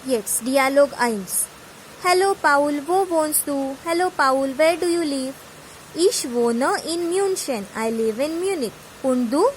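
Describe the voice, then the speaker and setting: High-voiced woman tutor, Indian English accent. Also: animated, takes it slowly, a little hiss or hum, low-quality recording. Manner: reads each word then glosses it in English. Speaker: German tutor. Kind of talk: reading vocabulary with translations.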